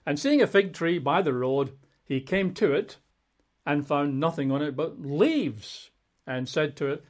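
A male preacher with a somewhat high voice teaches from scripture in a relaxed, conversational sermon. He stresses his key words with emphasis and talks straight to his listeners. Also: unhurried.

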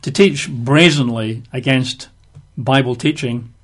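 A man's voice: medium pitch, takes it slowly. Conversational man teaching the Bible. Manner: explanatory, uses everyday examples.

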